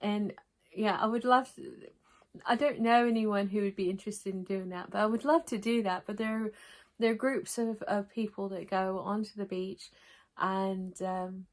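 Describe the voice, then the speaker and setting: A woman with a mixed American and English accent, hosting a crafting vlog in a gentle, rambling chat to camera with frequent restarts. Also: mid-range voice, fairly even intonation, moderate pace. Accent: mix of American and English.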